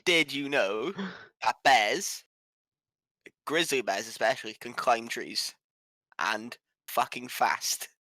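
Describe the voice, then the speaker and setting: A man's voice: mid-range voice, slow, pauses often, bright, forceful tone, no room sound. A man co-hosting a casual podcast chat in a blunt, offhand way, with the odd swear. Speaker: co-host.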